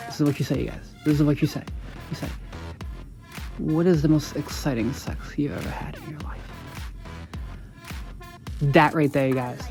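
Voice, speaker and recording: Emphatic man coaching listeners, music behind. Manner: emphatic, repetitive, swears, addresses listeners as "you guys"; voices sample lines in a lower, quieter tone. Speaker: podcast host, dating coach. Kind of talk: instructional podcast monologue.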